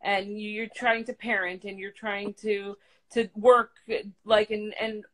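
A woman's voice: medium pitch, flat delivery, a bit bright, rough recording. A woman hosting a casual live video chat, asking questions in a hesitant way with lots of restarts. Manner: hesitant, halting, many restarts. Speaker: host. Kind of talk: casual live-stream conversation.

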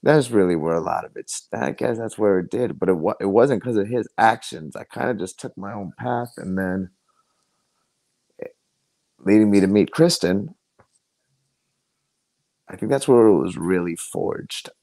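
A man as a podcast guest, telling personal stories in an earnest, halting way with many restarts. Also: on the low side, gravelly, dark tone, no echo. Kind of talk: personal storytelling in conversation.

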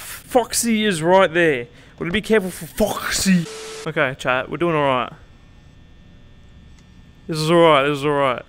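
A man's voice: on the high side, normal speed, pauses often, fairly bright tone, clear, resonant tone. A young man streaming a game, joking and swearing as he yelps at frights, with a slightly cracky voice. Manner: jokey, swears and yelps when startled. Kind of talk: excitable gameplay commentary.

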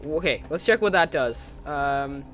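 A man's voice: fairly high pitch, animated, unhurried, a bit bright, a little hiss or hum. Rambling young man commentating a game. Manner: rambling and self-correcting, humming and joking to himself. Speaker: gaming channel host. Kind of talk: casual let's-play commentary.

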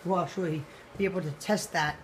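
A woman's voice: lowish voice, fairly even intonation, fairly quick, a little hiss or hum, poor audio. A tired woman doing a casual food-tasting vlog at home, blunt and candid, talking with her mouth full into a phone camera. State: tired late at night. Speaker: food vlogger. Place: home, indoors.

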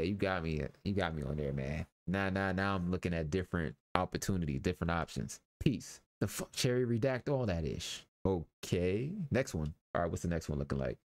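A man's voice: low-pitched, animated, fairly quick, hardly any pauses, no echo. A young man casually commentating a game, reading its text aloud and adding loose, slangy jokes with some swearing. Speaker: gaming YouTuber.

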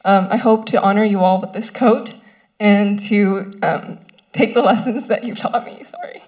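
A young woman in her twenties, a medical student giving a tearful, laughing ceremony speech with many pauses. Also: medium pitch, steady tone, darkish tone. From born in South Korea, raised in the US. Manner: tearful, laughing through tears, many ums. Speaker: first-year medical student. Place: ceremony stage.

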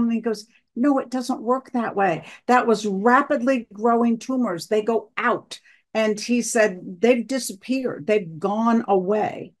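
A woman's voice: fairly high pitch, a little slow. A woman recounting a personal story in an interview, acting out the dialogue of the people in it. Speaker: guest, wife of the other guest.

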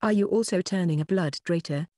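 Synthetic narrator reading a sneering arrogant boy wizard, scornful bully, mid pitch. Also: a little fast, warm tone, no echo, studio quality, natural voice.

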